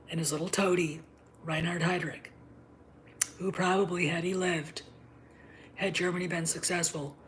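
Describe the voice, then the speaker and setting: Combative woman host, low voice. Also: a little hiss or hum. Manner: emphatic and combative, often dropping to a low whisper. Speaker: show host. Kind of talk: opinionated livestream monologue.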